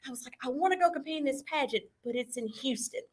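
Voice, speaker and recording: A woman's voice: high-pitched, expressive, quick pace. A young adult woman with a Texas Southern accent, earnestly telling her pageant story as an interview guest on a video call, politely saying yes ma'am.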